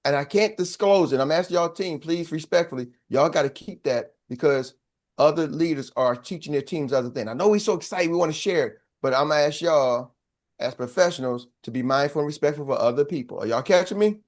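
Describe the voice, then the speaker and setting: A man coaching a sales team, preaching with call-and-response and acting out quick little voices. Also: fairly high pitch. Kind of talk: motivational training talk.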